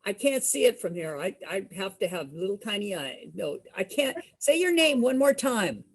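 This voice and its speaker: A woman's voice: mid-range voice, big pitch swings, normal speed, slightly rough. A woman leading a group sing-along over a video call, cheerful and giving simple step-by-step directions.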